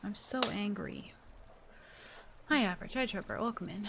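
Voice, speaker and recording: A woman's voice: mid-range voice, lively intonation, moderate pace, creaky, pauses often, a bit bright, a little hiss or hum. A woman live streaming from her desk at home, chatting casually to viewers in an exasperated, rambling way and swearing a lot.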